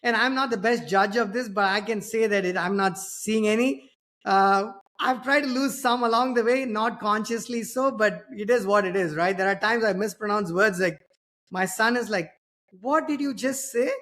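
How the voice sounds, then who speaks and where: A man's voice: sits high, moderate pace, a bit bright. A middle-aged man from India with an Indian accent, hosting a podcast in a chatty, self-deprecating way. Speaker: podcast host. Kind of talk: casual conversation.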